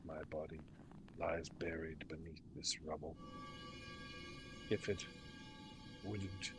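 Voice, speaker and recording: Brief: sorrowful old necromancer ghost, very deep, hushed and breathy, slow laments, as a game master puts him on. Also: male voice. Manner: slow, sighing, repeating laments.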